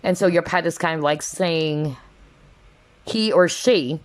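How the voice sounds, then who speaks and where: A woman's voice: low voice, unhurried. A woman giving a casual tarot card reading to her viewers, earnest and emotional, talking with lots of fillers like "kind of, like" and "you know.". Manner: earnest, emotional, openly moved.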